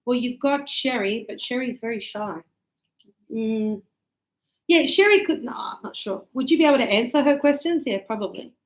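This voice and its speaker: A woman's voice: a little high, normal speed, poor audio. A woman teaching English grammar to a class, chatty and checking in with her students often.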